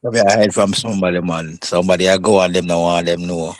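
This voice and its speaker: A deep-voiced Jamaican man co-hosts a casual live stream. He talks in a laid-back way, with patois phrasing running through his casual chat. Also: flat delivery, quick pace, slight background noise. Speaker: co-host.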